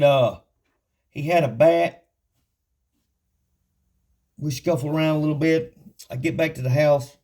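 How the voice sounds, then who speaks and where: A man teaches the Bible in a casual, folksy storytelling style, laughing often and reading scripture slowly and deliberately. His voice is on the high side and a little mellow.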